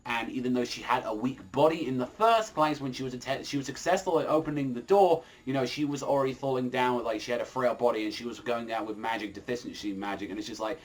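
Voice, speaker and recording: Male manga reviewer, mid-pitched, loose filler-heavy delivery with frequent cursing. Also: fast, few pauses. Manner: rambling, filler-heavy, swears freely.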